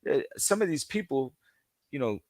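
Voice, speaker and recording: A football fan appears as a podcast guest, chatting casually and telling meandering stories in which he acts out quoted dialogue and leans hard on "you know." His voice is mid-range and darkish, with big pitch swings at a normal speed. The recording is clean studio audio with no room sound.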